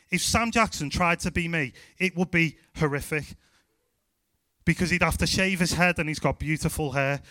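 A Scouse man preaching with an energetic, emphatic delivery. His voice is bright and smooth, recorded close and dry with no room sound. He sits a little high for a man. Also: no echo. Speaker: youth pastor. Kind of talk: sermon.

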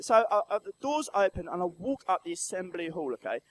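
A man from Brighton, giving a storytelling talk in church and quizzing the audience with questions. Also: high-pitched, very animated, fast talker, slight background noise, poor audio. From Brighton, England. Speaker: church speaker. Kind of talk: lively children's talk in church.

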